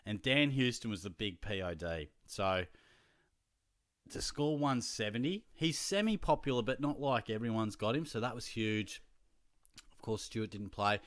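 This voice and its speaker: A man's voice: medium pitch, fairly bright tone, no room sound, clean studio sound. A young Australian man from Geelong hosting his fantasy football show, rambling casually to viewers with lots of fillers.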